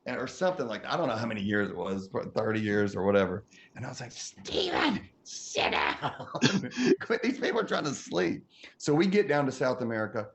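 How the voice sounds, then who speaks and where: A man who is a podcast guest, telling a comic story in an animated way and laughing often through it. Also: mid-range voice, fast talker. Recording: muffled audio with faint noise.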